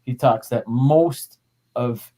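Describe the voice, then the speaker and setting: A man's voice: medium pitch, slow, mellow. A man co-hosting a podcast in casual chat, chiming in with teasing remarks and tangents. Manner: teasing, chatty interjections. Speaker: podcast co-host.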